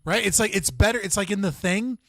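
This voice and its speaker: A man's voice: high voice, fairly quick, pushed and bright, dry recording, studio quality. A young man hosting a casual livestream, rambling and swearing, often restarting sentences and laughing. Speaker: livestream host.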